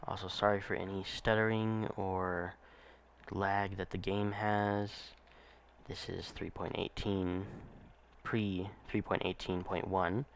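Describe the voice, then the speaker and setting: A man with a deep, gravelly voice talks through a game step by step in a relaxed, explanatory way, pausing often on ums and uhs. A faint hum sits under his voice. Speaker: gameplay narrator. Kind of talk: casual gameplay walkthrough.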